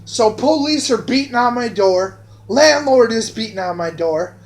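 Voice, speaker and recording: Slow-talking man with a profane, rambling story. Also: very high voice, expressive. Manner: profane, repeats phrases, drawn-out. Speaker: vlogger telling a personal story. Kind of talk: rambling personal anecdote.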